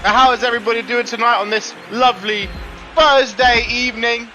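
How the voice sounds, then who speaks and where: High-voiced young male stream commentator. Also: fairly even intonation, fairly quick, bright, forceful tone, a little hiss or hum, poor audio. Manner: chatty, greets viewers mid-commentary. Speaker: streamer and wrestling game commentator. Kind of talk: live play-by-play commentary. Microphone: laptop mic. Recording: music playing behind. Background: music.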